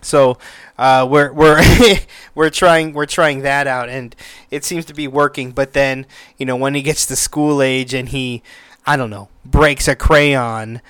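A man's voice: mid-range voice, fairly even intonation, a little slow, fairly bright tone, clean tone, no room sound. A young man hosting his own podcast, talking loosely with lots of fillers, restarts and the odd swear word. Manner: rambling, many fillers and restarts, casual swearing. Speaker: podcast host. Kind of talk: casual solo podcast talk.

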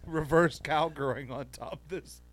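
A man's voice: fairly high pitch, slight background noise. A man co-hosting a podcast, telling a rambling story in casual chat and laughing through it. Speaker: podcast co-host.

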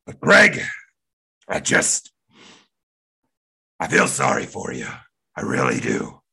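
A man playing an old, hot-tempered male wrestling boss who shouts profane threats in a gravelly voice. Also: rumbling low, wildly swooping pitch, takes it slowly, heavily acted. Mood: subdued apology.

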